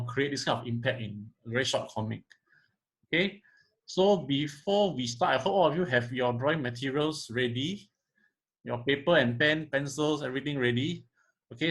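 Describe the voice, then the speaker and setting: A man, a teacher explaining comics to a class in a friendly, halting way. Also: mid-range voice, low-quality recording. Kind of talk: classroom instruction.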